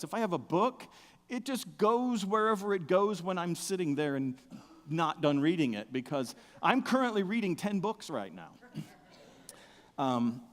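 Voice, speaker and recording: A middle-aged man preaching a sermon, with a big outdoor voice, telling stories with humor and swinging from soft asides to loud excited bursts. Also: medium pitch, big-room sound. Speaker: pastor. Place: church sanctuary.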